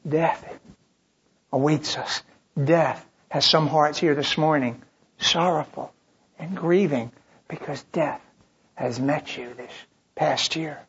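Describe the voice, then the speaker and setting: Breathy, husky preacher; sermon ranging from booming to whispered, muffled recording. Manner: swings between loud emphatic preaching and hushed near-whispers. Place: church service. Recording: dull lo-fi recording.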